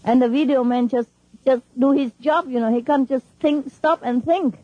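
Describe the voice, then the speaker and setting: A woman's voice: sits high, steady tone, moderate pace, mellow, no room sound, dull audio. A woman spiritual teacher talking informally and emphatically to her followers, laughing often and speaking in non-standard English.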